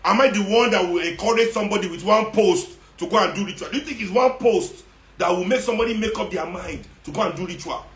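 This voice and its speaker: A social media commentator with a Nigerian accent rants to his online followers in an impassioned, sarcastic monologue, mixing in Nigerian Pidgin. His voice sits high, fast and a bit bright, recorded in an echoey room.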